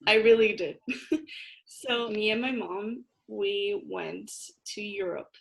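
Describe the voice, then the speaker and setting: A woman's voice: medium pitch, slow, creaky. A young woman from Paraguay, a guest in a casual chat, chatty, filling her talk with little fillers and laughing often.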